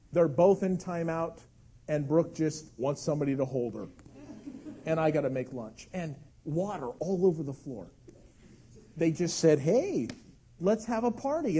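A man in his thirties delivers a sermon, his high voice swinging widely in pitch as he tells a story. His tone carries a husky edge. He acts out cries and shouts within the story. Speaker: pastor.

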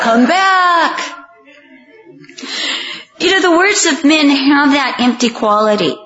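A middle-aged woman preaching a sermon, telling family stories and acting out the dialogue with lively delivery. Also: high-pitched. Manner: animated storytelling, acts out family dialogue. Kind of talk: sermon with comic anecdotes. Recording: dull, echoey room sound.

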